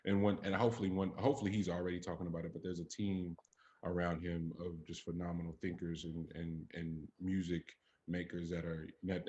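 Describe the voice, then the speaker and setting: A podcast co-host with a very deep voice talks in a relaxed, casual chat, making his points with blunt conviction and plenty of profanity. He grows emphatic and climbs to animated peaks as he presses an argument, and the sound is lo-fi.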